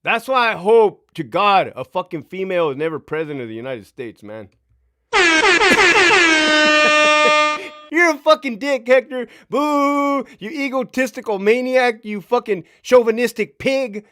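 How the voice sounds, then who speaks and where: A man's voice: high-pitched, very animated, moderate pace, few pauses, fairly bright tone, dry recording, clean studio sound. A man in his thirties hosting a casual livestream from home, cursing freely, laughing and answering chat comments. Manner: profane, boastful, laughing, addresses chat directly. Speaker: livestream host.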